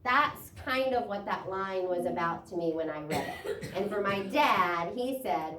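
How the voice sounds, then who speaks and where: A woman's voice: medium pitch, a little slow, a crowd in the background. A woman spiritual leader giving a sermon, reading expressively from a book. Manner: expressive, animated reading, laughs easily. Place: church sanctuary. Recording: echoey room, distant mic, faint ambience.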